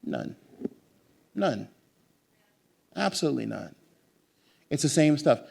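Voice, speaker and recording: A man talking as a guest author at a bookstore event. He is animated and emphatic, and he wanders into long digressions. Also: medium pitch, takes it slowly, vocal fry, husky.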